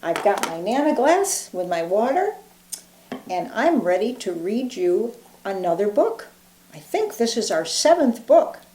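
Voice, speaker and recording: An older woman, a grandmother, reading a picture book aloud in a gentle, expressive way. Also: medium pitch, measured pace, reverberant, a little hiss or hum. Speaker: grandmother storyteller.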